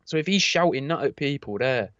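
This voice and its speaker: A man's voice: medium pitch, animated, a little fast, fairly bright tone, no room sound. Man retelling a tale, dull lo-fi. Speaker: podcast co-host. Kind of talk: casual storytelling chat. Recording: slightly dull lo-fi sound.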